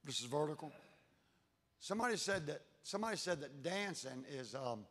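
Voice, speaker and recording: A pastor preaches in a folksy, emphatic manner, his voice pitched a little high. He drops into low, intense tones to press a point. The sound carries a long reverb from the church hall. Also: lively intonation, fairly quick, a bit bright. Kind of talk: sermon. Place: church sanctuary.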